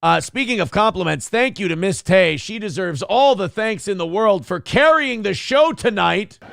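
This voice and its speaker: A male stream host with a fairly high, gravelly voice, talking casually and swearing freely. The sound is dry and close, with no room echo. He keeps calling out short commands to coax his dog. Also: expressive, moderate pace, fairly bright tone. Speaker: live-stream show host. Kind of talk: casual live-stream chat.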